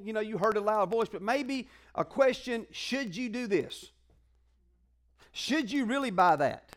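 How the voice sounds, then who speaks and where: A male pastor with a high-pitched voice preaches a sermon in a conversational, call-and-response style, sprinkling in lots of colloquial asides to the congregation.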